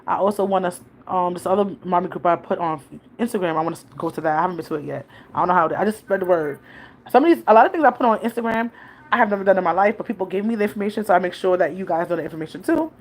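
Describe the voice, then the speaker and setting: A woman's voice: fairly low pitch, racing, a little hiss or hum. A woman, chatting casually to her viewers in a rambling way and laughing often. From New York City. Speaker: vlogger, mother. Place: home, New York.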